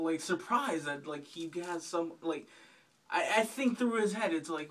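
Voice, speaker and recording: A man's voice: fairly high pitch, expressive, moderate pace, distant mic. A man doing stand-up, telling a rambling, profane, self-mocking story. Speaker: stand-up comedian.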